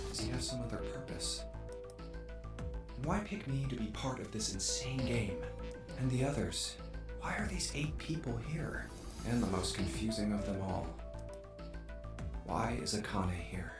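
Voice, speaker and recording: A man's voice: medium pitch, reverberant, far from the mic, close to an everyday voice. A man voicing a puzzled, anxious young man in a game reading, firing off worried questions. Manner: rapid string of worried questions. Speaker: player voicing the main character. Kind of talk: reading game dialogue aloud. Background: background game music.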